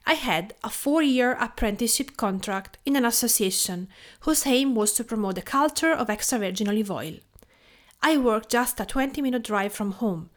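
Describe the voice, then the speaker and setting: Woman, around 40, Italian accent, a bit high-voiced; podcast host doing calm, measured scripted narration. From Tuscany, Italy. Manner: calm, measured reading with a personal storytelling tone. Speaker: podcast host and home cook.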